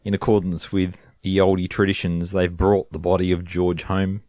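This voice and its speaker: Deep-voiced guy co-hosting a podcast, chimes in with quick comments, dry mic. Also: little pitch movement, a little mellow, no room sound. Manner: chimes in with short agreements and side comments. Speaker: podcast co-host. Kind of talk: casual chat.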